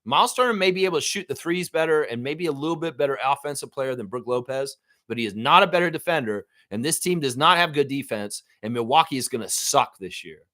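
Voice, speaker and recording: Animated, profane basketball ranter. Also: male voice, mid-range voice, fast talker, few pauses, no echo, studio quality. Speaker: sports stream host. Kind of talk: live sports fan commentary.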